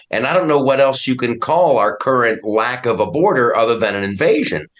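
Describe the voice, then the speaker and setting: A man's voice: medium pitch, a bit bright. Emphatic, opinionated middle-aged man. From United States. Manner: emphatic, opinionated, frequent restarts. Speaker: comedian and commentator guest. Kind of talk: casual podcast chat.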